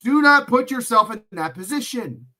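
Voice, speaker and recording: Man, high voice, sharp tone, livestream football commentary, heated, cursing, blunt rants. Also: animated, moderate pace. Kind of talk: profane ranting play-by-play commentary.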